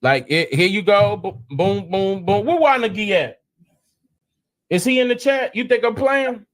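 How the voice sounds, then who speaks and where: A man with a notably high speaking voice hosts a casual live stream. He talks in loose slang, stumbling and restarting, and often leaps up into excited, incredulous exclamations. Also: measured pace.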